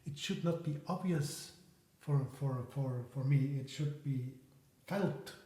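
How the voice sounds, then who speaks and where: A man giving a piano lesson, talking things through in a soft, reflective way while he plays. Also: medium pitch, slow, roomy sound. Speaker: piano teacher. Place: room with a piano.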